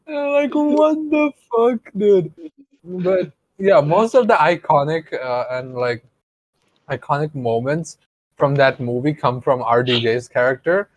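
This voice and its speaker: A man's voice: mid-range voice, animated, measured pace, no echo, low-quality recording. A man co-hosting a podcast, rambling in casual chat, swearing freely and laughing often. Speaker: podcast co-host.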